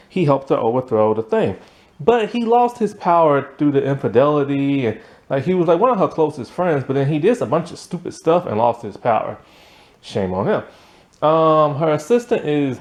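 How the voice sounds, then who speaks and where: A young man talks through a TV series in a loose, rambling way, full of ums and likes and quick chuckles. His pitch swings up and down a lot as he goes, lively and expressive at a middling pitch. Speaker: TV series reviewer. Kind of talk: casual spoken review.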